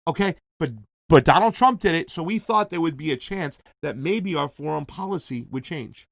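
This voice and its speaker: A man's voice: on the high side, expressive, moderate pace, gravelly, no echo. A man hosting a casual political commentary show, talking informally and animatedly to his viewers.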